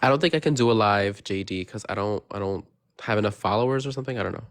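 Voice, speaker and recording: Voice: mid-range voice, fast. A guest on a live stream who chats casually and laughs often. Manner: giggly, chatty, often laughing. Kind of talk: casual chat.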